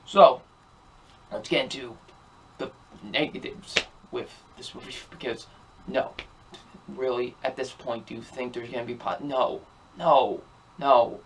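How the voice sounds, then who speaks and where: A man's voice: mid-range voice, fairly even intonation, a little slow, long pauses, fairly bright tone, a little hiss or hum. A young man giving a ranting, repetitive movie review, sounding exasperated as he keeps circling back to the same complaints. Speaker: film reviewer.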